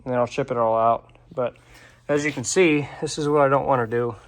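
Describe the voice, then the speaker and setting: A relaxed man explains his shop work as he goes, thinking out loud and admitting he isn't sure it's right. He sounds a little out of breath from the digging, and the talk stays casual and unpolished. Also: medium pitch, a little fast. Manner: unsure, thinking aloud, laid-back. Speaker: DIY vlogger. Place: shop or garage.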